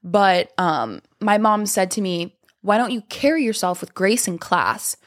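A woman's voice: medium pitch, animated, a little slow. Chatty young woman rambling casually. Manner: chatty, rambling, lots of fillers. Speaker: podcast host. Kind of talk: casual monologue.

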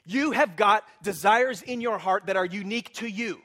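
A man preaching a sermon as pastor, animated and humorous, often putting questions to his congregation. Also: high-pitched, moderate pace.

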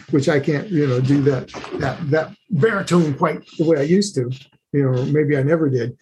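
A man's voice: fairly high pitch, moderate pace, warm tone, slight background noise. A man speaking as a relationship expert, explaining in an earnest, conversational way with frequent restarts.

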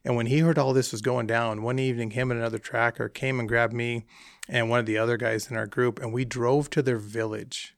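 A man casually telling an animated travel anecdote, acting out the dialogue as he goes. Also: mid-range voice, a little fast, gravelly, no room sound. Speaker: hunting trip guest telling a story. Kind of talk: casual storytelling.

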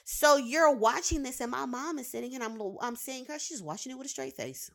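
Woman going off on a casual rant, voice a bit on the high side, swearing a lot and repeating herself to drive it home. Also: expressive, brisk, creaky, a bit bright. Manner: heated, profane, repeats words for emphasis. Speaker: commentator; behavioral science professional with clients. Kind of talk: casual ranting commentary.

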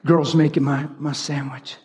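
A man preaching a sermon in an animated way, swinging from high shouts down to low storytelling. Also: moderate pace. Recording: long hall reverb.

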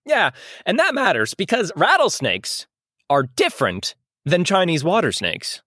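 A man co-hosting a podcast in casual, joking chat, with a fairly high voice that jumps around a lot. He laughs often and talks as if in a dry, close room. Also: wildly swooping pitch, measured pace, sharp tone, husky, dry recording. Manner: laughs often, jokey, puts on voices when reading quotes. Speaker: podcast co-host.

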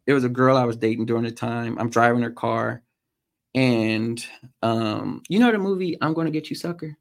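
A man, a podcast guest, telling a personal story in a halting way with frequent pauses and "um"s. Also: medium pitch, vocal fry. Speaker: podcast guest, motorcycle racer.

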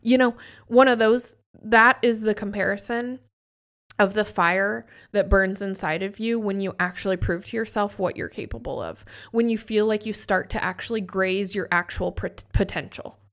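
A woman's voice: mid-range voice, moderate pace, a bit bright. A woman in her thirties, a host and coach, talking candidly and emphatically in a motivational chat, swearing freely. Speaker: podcast host and business coach. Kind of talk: motivational casual talk.

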